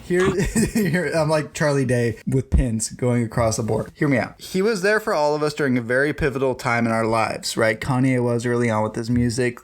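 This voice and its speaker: A man's voice: mid-range voice, moderate pace, few pauses. A young man co-hosting a podcast, talking in a casual, joking way and laughing often. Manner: joking, laid-back storytelling with frequent laughs. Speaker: podcast co-host. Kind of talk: casual chat.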